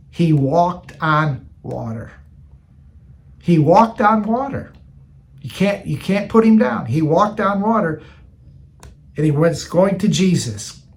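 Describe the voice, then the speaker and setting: High-pitched male preacher, casual sermon delivery, repeats lines for emphasis. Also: creaky. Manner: conversational, repeats phrases for emphasis.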